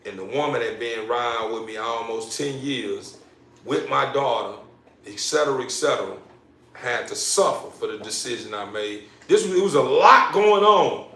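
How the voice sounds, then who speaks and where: A man telling a profane personal story, repeating phrases and building excitement as he goes. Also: mid-range voice, moderate pace. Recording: roomy, from a distance.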